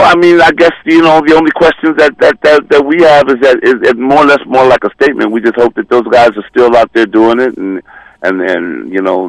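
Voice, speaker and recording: A man chatting as a guest on a radio show, halting and repeating his words. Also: medium pitch, dry recording, poor audio. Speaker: guest band member. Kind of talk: casual radio chat.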